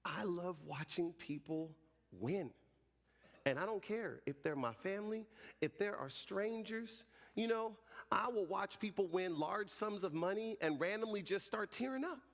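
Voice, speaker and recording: Pastor, male, 40s, lively jokey storyteller, slightly high voice, long hall reverb. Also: measured pace, creaky. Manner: animated, joking storyteller. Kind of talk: sermon.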